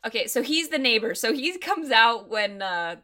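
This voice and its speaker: A woman co-hosting a casual chat, animated and telling stories with acted quotes. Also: fairly high pitch, moderate pace.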